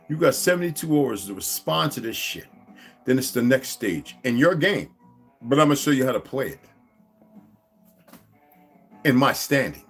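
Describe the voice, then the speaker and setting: A man delivering a profane, confrontational ranting monologue as an online commentator, swinging from loud outbursts to low mutters.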